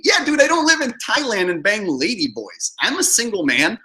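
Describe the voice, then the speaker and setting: A man's voice: sits high, big pitch swings, moderate pace, few pauses, sharp tone. Sarcastic, mocking male host. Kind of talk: reaction commentary.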